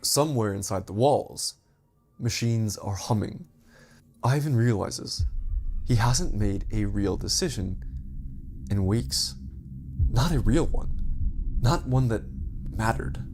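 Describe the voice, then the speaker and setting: A man's voice: on the low side, lively intonation, slow pace, pauses often, a little mellow, husky. A man reading a scripted story in a dramatic narrating manner.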